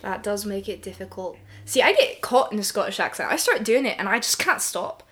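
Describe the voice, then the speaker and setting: A woman's voice: medium pitch, lively intonation, brisk, fairly bright tone. A woman in her twenties co-hosting a podcast, chatting playfully and breaking into giggles. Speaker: podcast co-host. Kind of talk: casual podcast banter.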